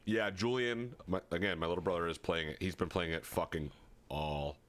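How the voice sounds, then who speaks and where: Congested low-voiced guy, laid back. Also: fairly even intonation, normal speed, fairly bright tone. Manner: laid-back, swears casually. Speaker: podcast co-host. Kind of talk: casual gaming podcast chat.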